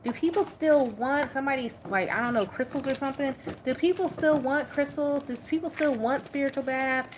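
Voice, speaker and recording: A woman's voice: sits high, a little fast, hardly any pauses, noisy background, voice pushed up, lightly acted. A woman voicing an anxious, self-doubting small seller who frets in rambling questions. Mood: worried.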